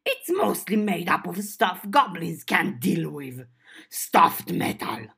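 A woman voicing a tiny, greedy, eager female goblin who chirps her answers brightly. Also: fairly low pitch, very animated, takes it slowly, gravelly, husky, full character voice. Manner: bright, chirpy, talking with a full mouth.

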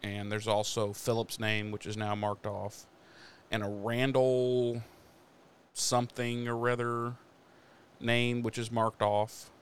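A man with a smooth, resonant voice hosts a casual podcast recap. He tells the story in an animated way, talking through the scenes in lively detail. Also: mid-range voice, slow pace. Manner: animated storyteller who acts out the characters' lines. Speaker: podcast host recapping an episode. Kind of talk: casual chat.

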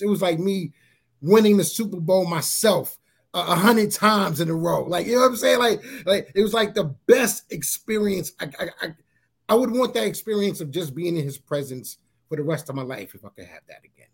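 A man sharing a personal testimony in a casual interview, halting and repeating his words as he tells it. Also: slightly rough. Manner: halting, repeats words, often says "you know what I'm saying"; grows animated at high points.

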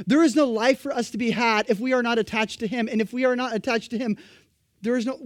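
Guy preaching a sermon, pretty high voice, really emphatic, dry sound no room echo. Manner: animated, emphatic, mocking quoted voices.

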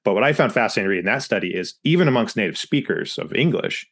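Man, American accent, very deep voice, curious podcast host. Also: expressive, fast talker, a bit bright. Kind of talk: podcast interview.

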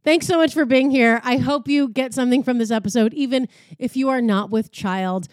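A woman's voice: on the high side, a little fast, a little mellow. A woman hosting her own podcast in a casual, chatty, salty way, a little out of breath, recording from a hotel room. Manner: chatty, profane, self-deprecating. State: slightly out of breath. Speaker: podcast host. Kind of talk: casual solo podcast chat.

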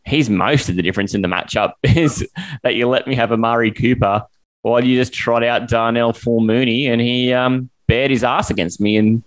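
A man's voice: medium pitch, no room sound. A man, co-hosting a podcast and teasing his co-host about their fantasy football matchup. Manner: animated teasing, mock chants. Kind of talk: casual fantasy football chat.

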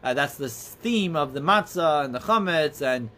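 A man earnestly telling religious stories as a teacher, in a halting, storytelling way. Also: a little high, animated, bright, forceful tone. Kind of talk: storytelling talk.

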